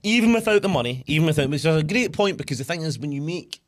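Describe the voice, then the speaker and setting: A man co-hosting a loose podcast, ranting with energy and peppering his points with swearing. His voice sits a little high for a man. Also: fast talker. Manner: swears freely, animated ranting. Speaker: podcast co-host. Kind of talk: casual chat.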